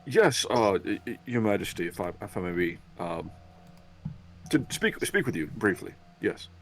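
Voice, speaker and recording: A man's voice: on the low side, sing-song, moderate pace, soft background music. A man voicing a nervous, devout male pilgrim in a tabletop game, stammering and repeating words in formal, humble speech. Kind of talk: tabletop game role-play.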